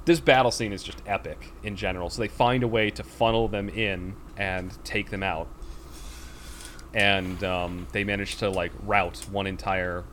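A man's voice: deep voice, fairly even intonation, normal speed, fairly bright tone, a little hiss or hum. A man chatting casually on a podcast, retelling a film's plot in a rambling way with many fillers and acted-out quotes. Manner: rambling storyteller with fillers, acts out quoted lines.

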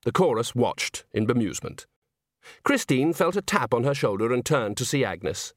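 A man reading a comic novel aloud as narrator, wry and expressive. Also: mid-range voice, normal speed, no echo, clean studio sound. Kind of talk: audiobook narration.

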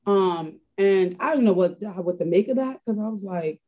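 A woman's voice: medium pitch, animated, moderate pace, hardly any pauses, warm tone. A woman from Harlem, New York, reflectively telling a personal story as an interview guest, often restarting her sentences. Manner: reflective, with frequent restarts and fillers.

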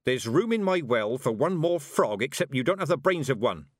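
A man's voice: on the high side, sing-song, normal speed, fairly bright tone, no room sound, clean studio sound, voice pushed up. Man doing a stern old witch woman. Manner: curt, commanding.

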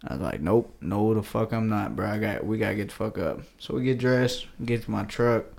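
A man's voice: lowish voice, fairly quick, gravelly, darkish tone. A man on a podcast telling a hunting story in casual, profane slang, acting out the quoted lines and dropping to a whisper for them. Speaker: podcast co-host.

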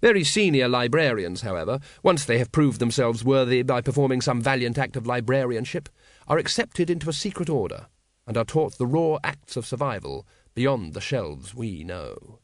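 A man reads an audiobook in a measured, wry tone, pacing his sentences evenly. His voice sits at a middle pitch. The sound is dry and close, with no room echo. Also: sing-song. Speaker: audiobook narrator. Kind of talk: scripted audiobook narration.

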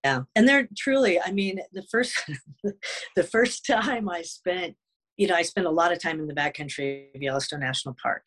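A man, a wolf advocate guest, telling a story in an interview with many halting restarts. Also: sits high, fairly bright tone, poor audio.

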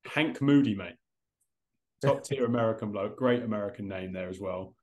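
Over a video call, a man with a lowish voice co-hosts a casual podcast at a normal speed. He rambles, swears offhandedly and calls everyone mate.

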